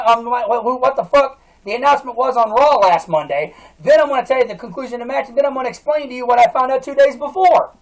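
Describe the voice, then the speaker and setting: A man's voice: very high voice, poor audio. A man giving a heated wrestling reaction rant, swearing constantly and restarting his sentences as he vents. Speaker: wrestling fan vlogger.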